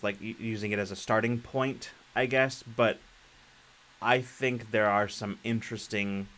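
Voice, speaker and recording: Male co-host, slightly low voice, casual self-correcting rambler, live-stream game talk. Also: a bit bright, poor audio. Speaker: podcast co-host and game master.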